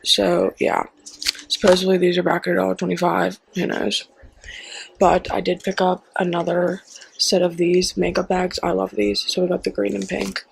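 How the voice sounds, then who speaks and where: Young woman rambling through her haul, bit of vocal fry, faint hiss behind her. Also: lowish voice, normal speed, rough recording. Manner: chatty, excitable, with frequent "like" and "so we got her". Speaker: haul vlogger. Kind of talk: casual product haul chat.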